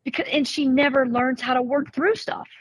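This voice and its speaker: Woman, former softball coach, podcast guest; raspy edge, dry close sound, chatty and animated with frequent restarts. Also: sits high, no echo, low-quality recording. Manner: animated storyteller who acts out quoted coaches and parents; quick restarts and repeated words. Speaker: former college and travel ball softball coach. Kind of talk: casual podcast conversation.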